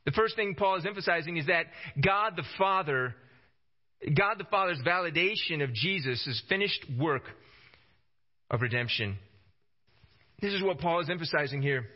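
A man's voice: fairly high pitch, expressive, moderate pace, long pauses. A man preaching a sermon with emphasis, often repeating phrases to drive his points home. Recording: dull lo-fi recording.

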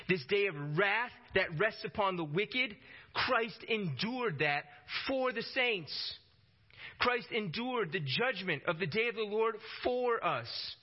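A man preaching a sermon, emphatic, slowing down to stress key lines. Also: high voice, lo-fi sound. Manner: emphatic, varies pace for stress.

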